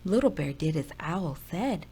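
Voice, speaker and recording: A woman reading a children's picture book aloud as storyteller, expressive and sing-song. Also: low-pitched, moderate pace, breathy edge.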